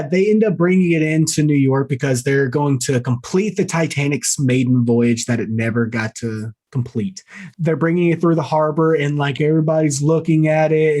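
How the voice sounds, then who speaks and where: A man's voice: on the high side, steady tone, moderate pace, darkish tone. Laid-back man riffing on a bad movie. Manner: laughing, mocking, profane asides. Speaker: podcast co-host. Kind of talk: casual movie-review chat.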